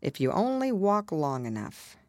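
A sly, riddling storybook cat, as a woman reading aloud puts it on, drawling its words slowly and teasingly. The voice sits low, yet it swoops lively up and down. It sounds close and dry. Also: no echo.

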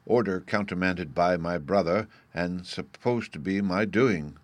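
A man voicing a mild, easygoing warden who takes things calmly. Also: low-pitched, a little slow, no echo. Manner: mild and unconcerned. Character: mild, easygoing male warden, gentle ruler.

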